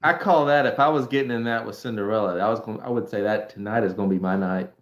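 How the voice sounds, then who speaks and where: A man, a guest in a casual livestream chat on a video call, speaking in a relaxed, laid-back way. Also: lowish voice, fast, dull audio, background noise. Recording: echoey room.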